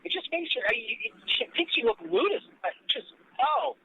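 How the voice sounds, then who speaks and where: A man's voice: very high voice, sing-song, moderate pace, creaky, slight background noise. A man hosting a casual political talk show, blunt and sarcastic, with swearing. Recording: dull lo-fi recording.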